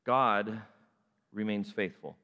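A man's voice: lowish voice, slow pace, lo-fi sound. A man preaching a sermon, acting out the story animatedly in different voices. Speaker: pastor. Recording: long hall reverb.

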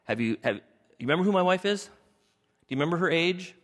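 A man preaching a lively sermon, his voice sitting a little high. He slips into the voices of the people in his story. Long reverb from a big hall trails each phrase. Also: quick pace. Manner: animated, acts out biblical characters in shifting voices. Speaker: pastor.

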